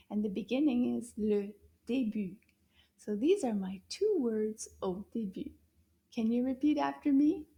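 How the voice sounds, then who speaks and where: Slow, mellow woman teaching kids. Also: fairly high pitch, lively intonation. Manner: slow, clear, encouraging teacher talk with drawn-out words. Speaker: French teacher for children. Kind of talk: children's language lesson.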